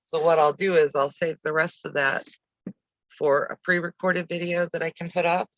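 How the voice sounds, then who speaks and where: A woman's voice: deep voice, steady tone, normal speed, a bit bright, dry recording, rough recording. A woman hosting a casual live quilting stream from her home sewing room, chatting in a rambling way with easy asides while she works, picked up by a camera on a video-call setup. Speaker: quilting channel host.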